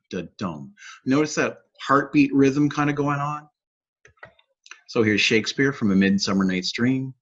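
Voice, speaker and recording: A man's voice: mid-range voice, fairly bright tone, slightly rough. A man, teaching poetry in an upbeat, explanatory way and tapping out rhythms aloud. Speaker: poet laureate teaching poetry. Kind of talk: educational video talk. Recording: dull lo-fi recording.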